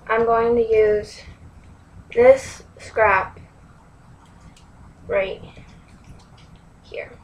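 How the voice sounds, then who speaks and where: A woman giving a slow step-by-step craft tutorial, sometimes dropping to a near-whisper. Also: fairly high pitch, steady tone, darkish tone. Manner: slow, instructive, drops to near-whisper at times. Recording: distant mic, faint room noise.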